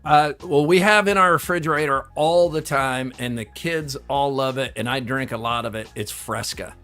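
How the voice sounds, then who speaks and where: Man, middle-aged, sports talk co-host, casual, relaxed, reads ads. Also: medium pitch, moderate pace, soft background music. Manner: relaxed, reads sponsor plugs. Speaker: radio show co-host.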